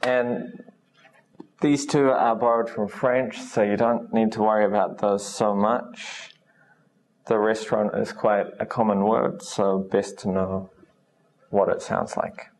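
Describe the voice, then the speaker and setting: Slow-speaking man teaching English sounds. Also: fairly low pitch, steady tone, a little mellow. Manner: slow, patient, enunciates each sound. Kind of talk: recorded pronunciation lesson.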